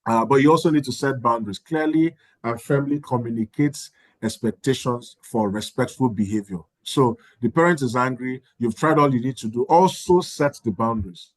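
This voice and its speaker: Male trainer, mid pitch, chatty lecture delivery, dry close mic. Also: moderate pace, no room sound. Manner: conversational, acts out sample dialogues with parents. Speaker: course facilitator.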